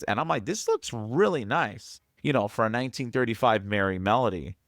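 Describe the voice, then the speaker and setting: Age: adult. Sex: man. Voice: smooth, lowish. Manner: jokey, rambling. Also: a bit bright, no echo, clean studio sound. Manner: jokey, rambling, self-deprecating. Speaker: guest commentator and musician. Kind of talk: casual review commentary.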